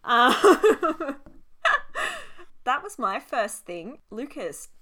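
A woman's voice: on the high side, very animated, very slow, a bit bright. An Australian woman co-hosting a podcast in casual chat, laughing often and swearing freely. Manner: laughing, swearing, quizzing her co-host. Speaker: podcast co-host.

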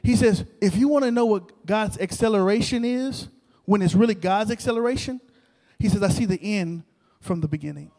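Male preacher, high voice, animated storytelling sermon in a church hall with a long echo. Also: normal speed. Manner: animated, repetitive, talks to the crowd. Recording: long reverb of a large hall.

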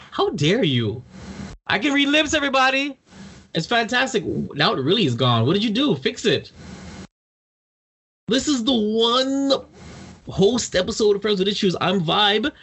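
A man's voice: a little high, a bit bright, breathy edge. A man hosting a podcast over a call, chatting casually and jokingly with frequent restarts. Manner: rambling, joking, many restarts. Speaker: podcast host. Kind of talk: casual chat. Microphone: video call setup.

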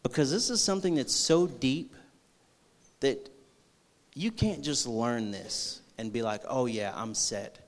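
A man preaching a sermon, acting out a movie scene with energy before turning slow and earnest. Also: medium pitch, big pitch swings. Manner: slows and softens into earnest preaching. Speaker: youth pastor.

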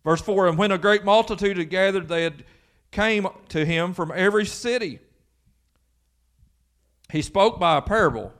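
A man's voice: sits high, moderate pace, long pauses, a bit bright. A man preaching a sermon as pastor, emphatic and full of rhetorical questions.

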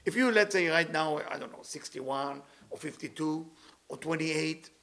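High voiced guy with a gravelly edge doing a spiritual pep talk, broken english, playful and animated, piles up long lists. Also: moderate pace. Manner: speaks non-native English with dropped words. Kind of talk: motivational talk.

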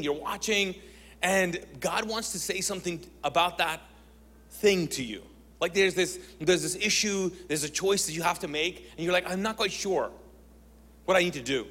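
A man preaching a sermon as pastor, telling a story with lively back-and-forth dialogue before turning to his message. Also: high-pitched. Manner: animated storytelling, acts out both sides of a conversation. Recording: long hall reverb.

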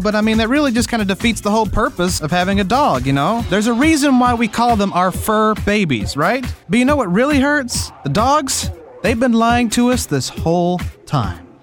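High, animated ranting male host. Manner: exasperated ranting. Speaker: podcast host. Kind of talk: comedic monologue.

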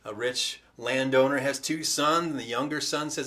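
A man's voice: mid-range voice, fairly even intonation, normal speed, bright, forceful tone. A man preaching a sermon, retelling a parable in a casual, conversational way with acted-out quotes. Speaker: pastor.

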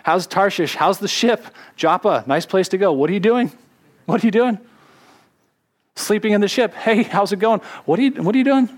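A man voicing the Lord as he gently teases a runaway prophet with mock-casual questions, repeating them again and again. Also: high-pitched, moderate pace, pitched above the performer's own voice, close to an everyday voice. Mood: teasing.

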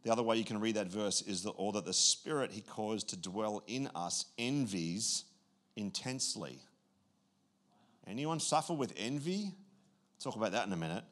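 A man preaching a sermon, animated, acting out quoted voices with big swings between loud and quiet. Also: fairly low pitch, moderate pace. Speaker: pastor.

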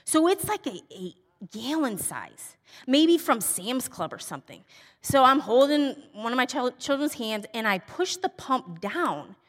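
Lively woman telling a story, voice jumps all over, long echo around her. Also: high-pitched, unhurried. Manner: animated, exasperated comic storytelling. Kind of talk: casual personal anecdote. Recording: long hall reverb.

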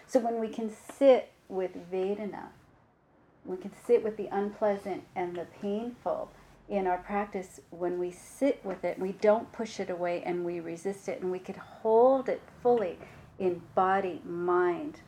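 A woman giving a dharma talk as a meditation teacher, reflective and unhurried, with frequent pauses and fillers. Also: medium pitch, warm tone, a little hiss or hum.

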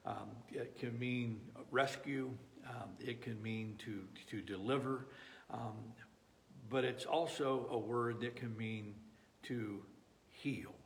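A man's voice: mid-range voice, steady tone, slow pace, vocal fry, a little hiss or hum. A man preaching a sermon as a pastor, talking in an earnest, pleading way with frequent restarts.

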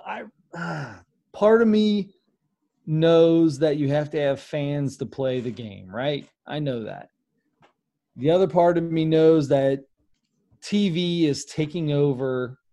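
Animated opinionated sports talk man. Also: a little high. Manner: animated, opinionated, rambling restarts.

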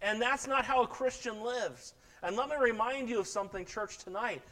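A middle-aged man preaching an impassioned sermon as pastor, swelling louder and then dropping low. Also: animated, normal speed, few pauses, poor audio. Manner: impassioned preaching, rising and falling in loudness.

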